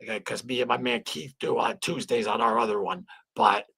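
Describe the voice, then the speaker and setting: A man's voice: mid-range voice, animated, brisk, creaky, sharp tone, breathy edge. A man hosting a casual livestream chat, rambling and emotional, swearing freely and greeting viewers by name. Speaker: livestream host.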